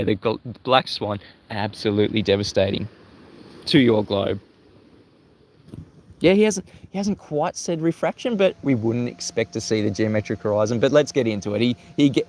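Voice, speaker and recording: A man's voice: fairly low pitch, normal speed, darkish tone, a little hiss or hum. A man from Australia hosting a livestream, talking in an emphatic, repetitive, combative way. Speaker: livestream host. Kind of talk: livestream commentary.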